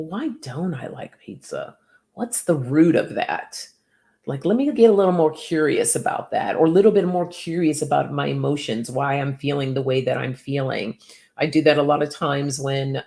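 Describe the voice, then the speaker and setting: A woman's voice: deep voice, gravelly, a little mellow. A woman giving casual oracle card readings to viewers by name, chatty and upbeat, laughing often.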